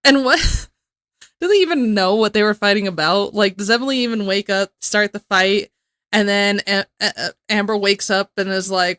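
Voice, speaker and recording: A woman's voice: mid-range voice, moderate pace, fairly bright tone, no room sound. A woman hosting a reaction video, chatting in a rambling way and laughing often. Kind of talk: casual reaction commentary.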